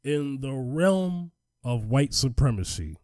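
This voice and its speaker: A man hosting a casual podcast discussion, animated and emphatic, often repeating himself for effect. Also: mid-range voice, slow pace, no echo, studio quality. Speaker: podcast host.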